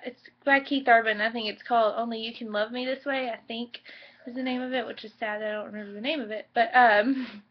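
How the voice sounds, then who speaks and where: A woman's voice: on the high side, fairly even intonation, fast talker. A young woman chatting emotionally in a home vlog, full of likes and ums. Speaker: vlogger. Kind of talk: casual pregnancy vlog chat. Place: home bedroom. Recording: dull lo-fi home video audio.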